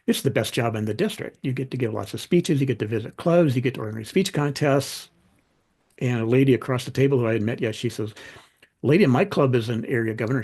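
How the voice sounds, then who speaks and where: Gravelly, husky middle-aged man, guest on a podcast; storyteller who acts out the dialogue. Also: mid-range voice. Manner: animated anecdotes, acts out quoted dialogue. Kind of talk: conversational storytelling.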